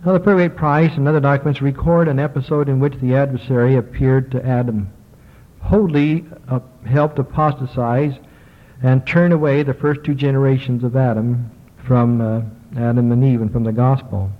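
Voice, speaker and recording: A man giving a religious lecture, reading old texts aloud slowly and measuredly, with small hesitations. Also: medium pitch, steady tone. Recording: tinny lo-fi recording, long hall reverb.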